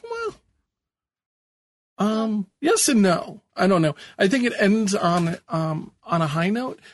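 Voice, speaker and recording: A man's voice: sits high, very animated, takes it slowly, no echo. A man co-hosting a podcast in casual chat, hesitant, with many ums and laughs at himself. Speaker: podcast co-host.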